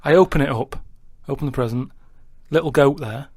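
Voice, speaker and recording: A man's voice: medium pitch, fairly quick, a little mellow. Rambling man who keeps asking "right?". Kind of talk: casual radio chat.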